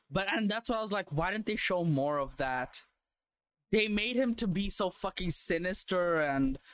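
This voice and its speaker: Blunt, opinionated man, fairly high voice. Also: a bit bright, smooth, no echo. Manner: blunt, opinionated, heavy swearing. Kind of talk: casual chat about movies.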